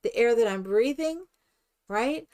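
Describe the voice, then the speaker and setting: Older woman streamer, chatty and smooth-voiced. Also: on the high side, unhurried. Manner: chatty, rambling storyteller, animated and laughing. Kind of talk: casual chat while playing a life-simulation game.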